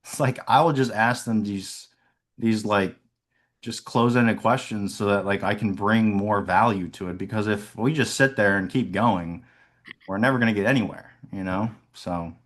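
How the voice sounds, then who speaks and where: Chill, low-voiced young salesman. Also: normal speed, fairly bright tone. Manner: low, laid-back and chill. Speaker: insurance sales agent. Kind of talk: casual chat.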